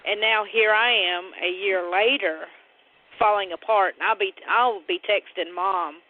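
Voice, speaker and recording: A man's voice: sits high, steady tone, measured pace. A man, talking over the phone about grief, his voice breaking at times. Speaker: caller. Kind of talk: emotional phone conversation. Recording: tinny phone line.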